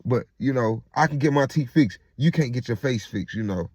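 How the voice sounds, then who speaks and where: A man's voice: mid-range voice, normal speed, a little mellow, no echo. A man venting straight to his viewers in a loose, profane monologue. He circles back over the same points and restarts phrases, and keeps tossing in "right?" and "you get what I'm saying?" The recording is dry and close. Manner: repeats himself and restarts mid-phrase. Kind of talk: casual venting monologue to the camera.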